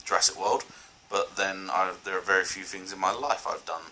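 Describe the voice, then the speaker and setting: A man chats through a casual film review on his vlog, rambling from thought to thought with plenty of fillers and restarts. His voice sits a little low but has a sharp, forceful edge, and a faint hiss hangs behind it. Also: fairly quick, low-quality recording. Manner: enthusiastic.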